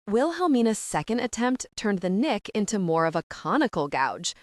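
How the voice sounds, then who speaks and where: A woman narrating a young-adult audiobook in an animated, characterful storytelling manner. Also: medium pitch, normal speed, hardly any pauses, no room sound, clean studio sound. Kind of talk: scripted narration.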